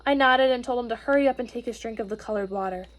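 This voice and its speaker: A woman reads a children's storybook aloud in an expressive, gentle way. She sometimes pauses to explain things to her listeners. Her voice sits fairly high.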